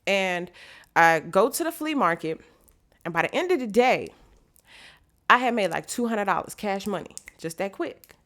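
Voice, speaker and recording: Animated woman telling her story. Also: medium pitch, moderate pace, pauses often. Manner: animated, acts out quotes. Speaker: vlogger.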